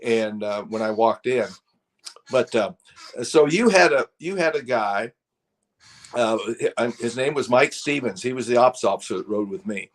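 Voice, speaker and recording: A man's voice: medium pitch, lively intonation, normal speed. An older man, a guest telling casual stories, rambling with frequent restarts and laughter. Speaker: guest, former fighter pilot. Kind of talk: casual storytelling.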